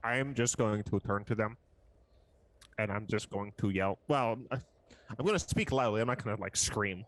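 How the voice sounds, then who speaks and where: A man's voice: on the low side, moderate pace, dry recording. A man playing a tabletop game, talking in a rambling, jokey, self-interrupting way. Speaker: player. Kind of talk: casual tabletop play.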